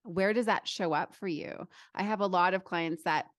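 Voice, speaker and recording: A woman's voice: lowish voice, moderate pace, no echo. A woman hosting a podcast, affirming and enthusiastic as she talks with her guest. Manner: warm-hearted, enthusiastic, affirming. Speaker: podcast host. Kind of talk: conversational interview.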